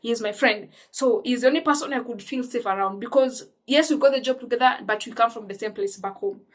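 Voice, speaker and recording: A woman's voice: on the high side, quick pace. A young woman with a Kenyan accent telling a personal story in an emphatic, indignant way, often restarting her sentences. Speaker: vlogger. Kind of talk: storytime monologue.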